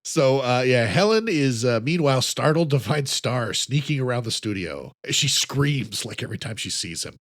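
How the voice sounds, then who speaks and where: Male podcast co-host; easygoing recapper, expressive pitch, dry booth sound. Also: normal speed, few pauses, dry recording. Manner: relaxed, recaps plot with dry jokes. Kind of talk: casual film discussion.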